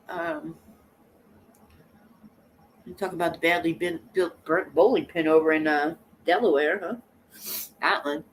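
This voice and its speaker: A woman's voice: low voice, animated, slow, long pauses, a little hiss or hum. A woman hosting a casual live stream, sassy and teasing, often breaking into laughter. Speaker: livestream host.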